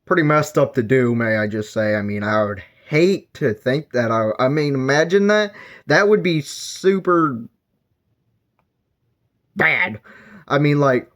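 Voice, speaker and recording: A man rambles loosely through a book review, filling gaps with fillers and repeatedly correcting himself mid-sentence. His pitch is an ordinary mid level, and he sounds animated, unhurried and a little bright.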